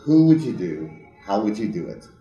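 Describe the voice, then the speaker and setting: A woman interviewer who throws in quick jokes and playful remarks while asking questions. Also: rumbling low, sing-song, dark tone, far from the mic, dull audio. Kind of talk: casual interview. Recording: echoey room.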